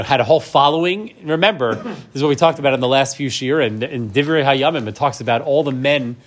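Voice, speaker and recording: A man teaching a class, middle in pitch, who reads out Hebrew verses and then explains them in plain English. He keeps checking in with his listeners, tagging "right?" onto his points as he goes. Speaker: Torah teacher. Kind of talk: class lecture.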